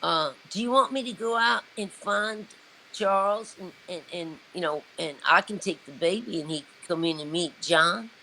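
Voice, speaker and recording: A woman voicing a warm, eager older woman who offers to help, her voice lifted higher than her own. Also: normal speed, slight background noise, poor audio.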